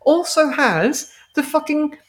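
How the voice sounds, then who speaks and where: A woman's voice: high-pitched, expressive, slow. A woman co-hosting a podcast, chatting casually in an exasperated, sweary way. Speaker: podcast co-host. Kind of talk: casual chat.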